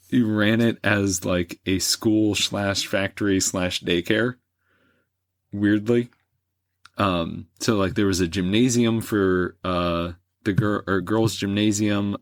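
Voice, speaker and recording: Male podcast host, deep voice, dry booth sound, loose rambling explainer. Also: no echo. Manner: rambling, many fillers and restarts. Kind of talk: casual history podcast chat.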